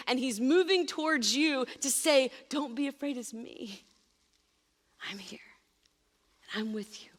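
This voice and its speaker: A woman's voice: fairly high pitch, a bit bright, big-room sound. A woman pastor giving a sermon, speaking emphatically and addressing her listeners directly. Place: church sanctuary.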